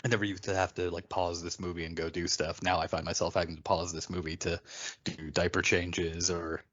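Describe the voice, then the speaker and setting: A man's voice: low-pitched, flat delivery, fairly quick, fairly bright tone, dry recording, muffled recording. A man in his thirties co-hosting a podcast, chatting casually and rambling, with lots of fillers and restarts. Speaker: podcast co-host. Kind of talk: casual chat.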